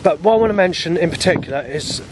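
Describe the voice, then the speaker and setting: A man's voice: a little high, animated, fast talker, noisy background. A man, rambling in an aggrieved personal monologue, swearing often and restarting his sentences. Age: 40s. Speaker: vlogger.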